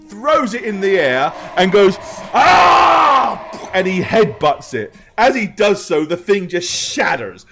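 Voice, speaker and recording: High-voiced male game master. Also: a bit bright. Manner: casual, with many fillers and laughs. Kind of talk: narrating a tabletop game.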